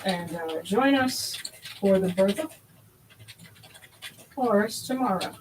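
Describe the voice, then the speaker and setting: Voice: medium pitch, lively intonation, takes it slowly, a little hiss or hum, poor audio. Livestream host, casual and rambling, hesitant, plenty of fillers. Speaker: host of a religious livestream service.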